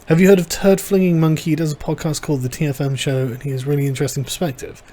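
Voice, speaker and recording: A man's voice: a little high, steady tone, fast, mellow. A man hosting a casual livestream, reading viewer chat aloud and reacting with wry, sarcastic asides. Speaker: livestream host.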